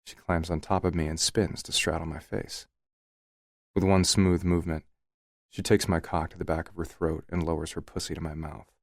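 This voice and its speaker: A man narrating a first-person romance audiobook in a relaxed, wry manner. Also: low voice, moderate pace, creaky, no echo, clean studio sound.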